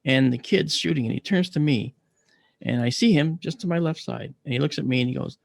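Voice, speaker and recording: A man giving a talk, telling a personal story with slides and acting out his own shouted replies. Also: medium pitch, a little fast, gravelly, no room sound, studio quality. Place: lecture event.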